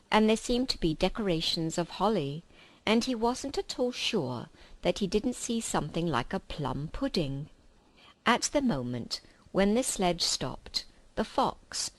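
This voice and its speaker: A woman reads a children's story aloud in a calm, measured way. Her voice is fairly low, and her pace is very slow and deliberate. The recording is dry and close, with no room sound. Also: no echo, low-quality recording. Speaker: reader. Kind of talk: reading a children's novel aloud.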